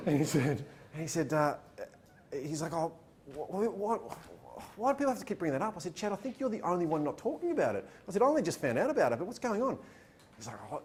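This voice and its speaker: A man giving a motivational talk, acting out the people in his stories. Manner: animated, acts out dialogue in his stories. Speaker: motivational speaker. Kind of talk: storytelling keynote talk. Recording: echoey room with faint rumble.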